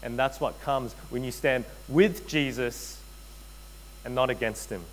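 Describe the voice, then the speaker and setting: A man preaching a sermon, earnest and direct, addressing his listeners as friends and repeating key phrases, often dropping to a hushed intensity. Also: medium pitch, measured pace, slight background noise, poor audio. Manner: addresses listeners as friends, frequent tag questions. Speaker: pastor.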